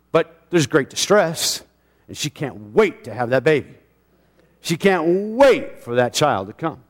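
Passionate high-voiced preacher in a hall. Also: male voice. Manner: passionate preaching, swings from loud to quiet. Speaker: pastor. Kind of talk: sermon.

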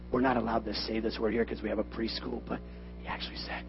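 A man preaching a sermon in a church, animated and joking, with loud emphatic bursts. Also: fairly low pitch, brisk. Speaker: pastor. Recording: dull lo-fi sermon recording with faint music.

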